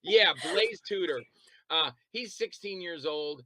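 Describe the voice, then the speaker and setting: Bright-voiced man telling rambling anecdotes. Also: high voice, no room sound, rough recording. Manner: quick laughs and voiced quotes of others. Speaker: interview guest, independent filmmaker and actor. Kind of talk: casual interview chat.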